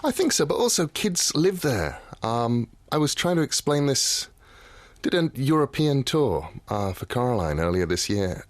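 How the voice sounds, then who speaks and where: A man's voice: mid-range voice, no room sound. A man guesting on a radio interview as an author, telling stories in a dry, wry way in a studio.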